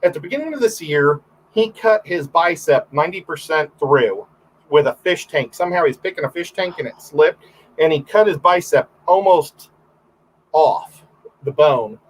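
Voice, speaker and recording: A man's voice: on the high side, animated, normal speed, husky, rough recording. A man, a photographer, guesting on a livestream and telling rambling stories in casual chat, full of fillers and restarts.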